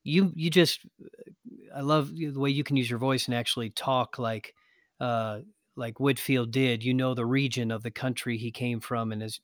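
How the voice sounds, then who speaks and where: A man's voice: medium pitch, steady tone, moderate pace, dry recording, studio quality. A man hosting an interview, engaged and encouraging, asking follow-up questions. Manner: engaged, prompting, affirming. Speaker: host. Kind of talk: interview conversation.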